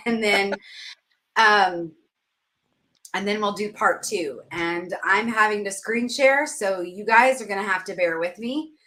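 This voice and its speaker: Bright-voiced chatty woman host. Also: mid-range voice. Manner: chatty, laughs at herself while storytelling. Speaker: podcast host. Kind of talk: casual chat.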